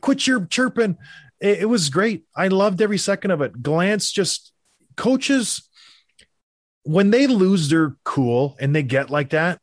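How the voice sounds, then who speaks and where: A former player hosting a sports talk show, firing off opinions in quick, animated bursts. His voice sits a little high. The sound is dry and close, with no room around it. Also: no echo. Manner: animated, opinionated, fast rants. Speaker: podcast host, former hockey player. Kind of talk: casual sports chat.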